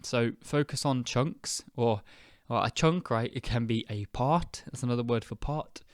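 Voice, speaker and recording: A young British man hosting an English-learning podcast, speaking slowly and clearly in a chatty, relaxed way with fillers. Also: mid-range voice, no room sound, clean studio sound. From United Kingdom. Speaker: podcast host and English teacher. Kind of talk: casual spoken lesson.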